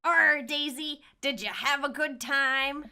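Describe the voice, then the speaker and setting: A woman's voice: high voice, steady tone, slow pace, sharp tone, voice pushed up, heavily acted. A woman voicing a jolly, pirate-talking dad with bouncy exclamations in a video game playthrough.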